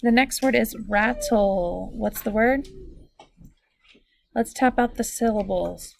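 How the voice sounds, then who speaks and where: A woman teacher giving a recorded phonics lesson, speaking slowly and clearly as she walks students through each step. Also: fairly high pitch. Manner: slow, clear, instructive.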